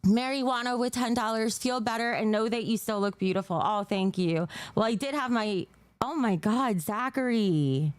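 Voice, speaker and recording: A woman's voice: fairly high pitch, moderate pace, clean tone, no room sound. A woman livestreaming to her chat, feeling nauseous and unwell, rambling and apologetic, swearing and slipping into awkward giggles. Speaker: livestreamer reading chat donations.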